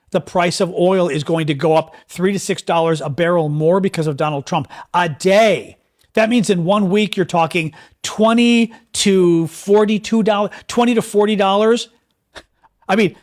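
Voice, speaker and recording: A man reading headlines on a livestream and commenting on them in a sarcastic, exasperated way, with many fillers and restarts. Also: high-pitched.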